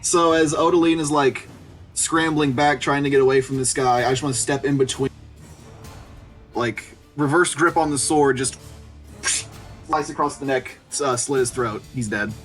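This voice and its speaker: A man's voice: medium pitch, steady tone, moderate pace, faint music behind. A man with a headset, a player in an online tabletop game, eagerly describing his character's attacks in vivid detail.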